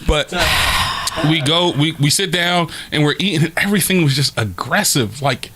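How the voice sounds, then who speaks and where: A man's voice: on the high side, normal speed, a crowd in the background. A man, a comedian guest on a podcast, telling casual, profane stories and laughing often.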